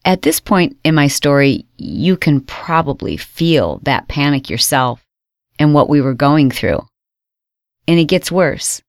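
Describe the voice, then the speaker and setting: A woman host telling her own story with dramatic storytelling, reliving her panic with sudden high exclaimed outbursts. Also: animated, a little slow, no echo, clean studio sound. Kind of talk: dramatic first-person storytelling.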